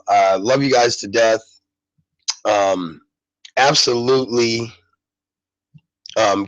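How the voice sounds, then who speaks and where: A man with a medium-pitched voice hosts a live talk radio show, and the audio sounds dull. He chats casually and rambles, with lots of fillers and restarts.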